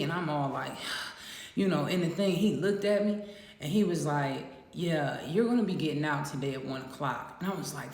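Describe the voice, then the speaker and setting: Casting: woman, lower voice, animated and profane storyteller, echoey roomy sound. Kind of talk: casual storytelling to camera.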